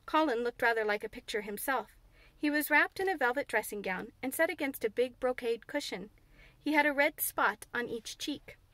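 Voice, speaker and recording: Woman reading a storybook out loud, high voice, super dry close sound. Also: moderate pace, no room sound. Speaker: audiobook reader. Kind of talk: scripted narration.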